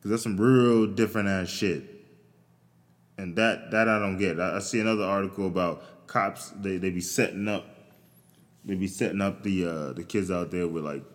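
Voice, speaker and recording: Male host, very low voice, profane rambling comedic rant with incredulous squeaks, long reverb tail. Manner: profane, rambling, jumps to shrill incredulous outbursts.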